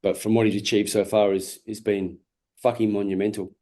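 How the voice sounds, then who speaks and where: A tired Australian man in his forties with a dark, mellow voice that sits fairly low. He talks bluntly in a casual interview, swearing freely and repeating words as he restarts his sentences. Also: level tone, a little fast. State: tired and yawning. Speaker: interview guest, former boxer.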